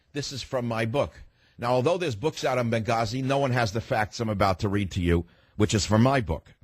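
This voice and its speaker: A combative man hosts talk radio, hammering his points home with emphatic force. His voice sits at an ordinary pitch, and the studio sound is dry and close with no room echo. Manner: combative and emphatic, cuts off callers.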